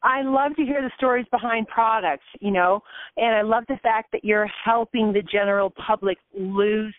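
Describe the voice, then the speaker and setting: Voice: mid-range voice, fairly even intonation, moderate pace, no echo. Host, product call, encouraging interviewer, tinny phone line, dry. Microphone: telephone.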